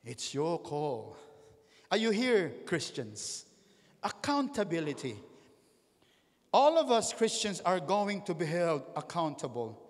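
Animated pastor preaching in a hall. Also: male voice, fairly high pitch, slow pace. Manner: animated, calls out to the congregation with questions. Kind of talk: sermon. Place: church hall. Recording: long hall reverb.

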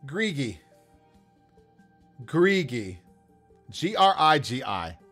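A man acts as game master on a casual livestream, rolling dice to build characters while chatting enthusiastically with viewers and laughing often. His voice is a little high and sing-song, with drawn-out words and a sharp tone, and faint music plays in the background.

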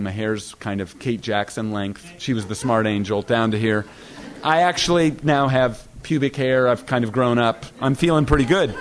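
This middle-aged man speaks at a middle pitch and lectures in a hall. He tells anecdotes at a quick clip, stumbling and repeating himself. He jumps up in pitch whenever he quotes other people. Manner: animated anecdotes, acting out other people's lines with a raised pitch. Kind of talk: storytelling lecture.

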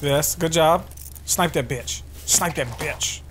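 A man doing live gameplay commentary, excitable and profane, trash-talking and yelling at opponents. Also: fairly high pitch, slow, noisy background. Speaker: gaming YouTuber. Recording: game music under the voice. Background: video game music and sound effects.

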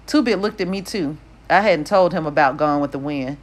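A woman narrating an audiobook with steady, even storytelling. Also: deep voice, moderate pace.

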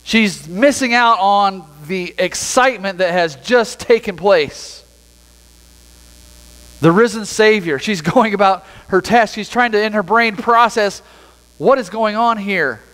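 A man preaching a sermon as pastor, reading scripture aloud and then explaining it in a relaxed, conversational way. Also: high-pitched, a little slow, long reverb tail, rough recording. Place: church sanctuary.

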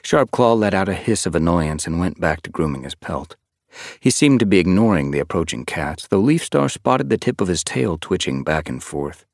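Expressive male narrator for a fantasy audiobook, low voice, dry studio sound. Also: normal speed, dry recording. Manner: expressive, shifting voices for characters. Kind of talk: scripted narration.

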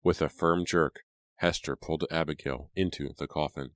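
Very deep-voiced man narrating an audiobook. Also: dry recording. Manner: steady, measured storytelling. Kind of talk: scripted narration.

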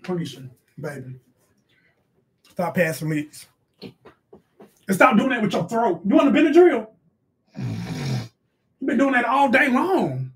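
A man doing a brash middle-aged mom, scolding, high voice, live stream character. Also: huge pitch swings, heavily acted. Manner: scolding, brash, quick to snap at the kids. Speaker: live stream host reading donations. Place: bedroom at home.

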